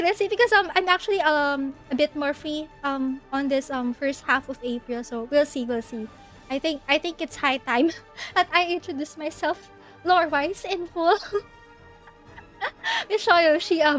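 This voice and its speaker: Very high-voiced giggly woman streamer. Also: unhurried, soft background music. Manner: giggly and excitable, panics loudly at the game. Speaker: VTuber streamer. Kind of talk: casual live-stream chat while gaming.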